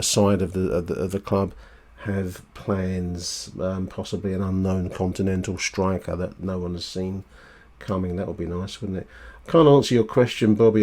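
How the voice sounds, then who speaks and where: A man's voice: fairly low pitch, darkish tone. A man hosting a fan podcast, chatting casually and rambling as he responds to listener voicemails. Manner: chatty, rambling with fillers and restarts. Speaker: podcast host.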